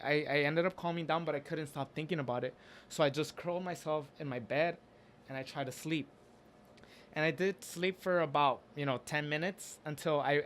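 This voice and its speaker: A man's voice: a little high, fairly bright tone, a little hiss or hum. A man casually telling a story about something he went through, earnest and open, often stopping to restart his sentences. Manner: halting, with frequent restarts and fillers. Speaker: storyteller recounting a personal experience.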